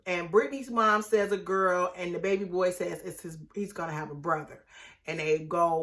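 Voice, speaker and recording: A woman recapping a reality TV episode in casual commentary, animated and outraged, talking straight to her viewers. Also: fairly low pitch, normal speed.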